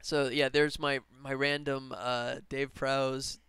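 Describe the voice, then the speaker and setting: Chatty man streaming, smooth dry voice. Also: medium pitch, little pitch movement, slow pace, fairly bright tone, no echo. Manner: rambling, enthusiastic, laughs often. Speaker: game developer streamer. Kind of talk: casual live stream chat.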